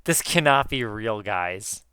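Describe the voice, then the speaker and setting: A man in casual chat with viewers while gaming, excitable, swearing often and calling his viewers guys. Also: fairly low pitch, slow pace, clear, resonant tone, no room sound, clean studio sound. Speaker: gaming YouTuber.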